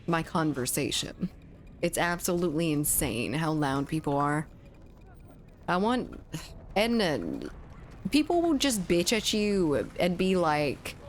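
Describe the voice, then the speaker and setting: A young woman with a notably low voice talks loosely to her viewers while she plays, answering chat and tossing in casual swears. A faint hum of noise sits under her close mic. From United States. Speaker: streamer. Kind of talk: casual gaming livestream chat.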